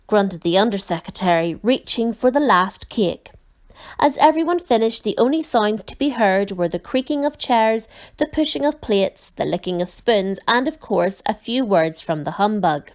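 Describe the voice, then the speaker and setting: A woman reading a children's book aloud in a gentle, teacherly way that speaks to the children listening. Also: medium pitch, expressive, normal speed. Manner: warm teacherly address to children. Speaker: children's story reader.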